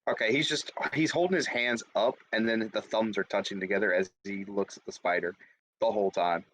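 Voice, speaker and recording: A man's voice: fairly low pitch, fairly even intonation, a little fast, fairly bright tone, low-quality recording. A man describing his character's actions as a player in a tabletop game.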